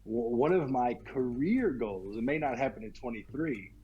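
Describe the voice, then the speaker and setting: A man's voice: medium pitch, animated, moderate pace, dull audio, a crowd in the background. A man from Kentucky with a Southern American accent, an actor talking easygoing as an interview guest over a video call. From Kentucky, United States. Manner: easygoing, repeats words as he talks. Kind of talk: casual interview chat.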